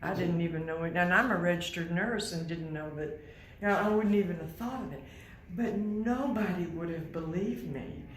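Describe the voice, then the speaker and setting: An older woman giving a quiet, measured personal testimony as guest speaker at a university. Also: lowish voice, reverberant, a little hiss or hum, poor audio. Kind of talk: personal testimony to a live audience. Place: university hall.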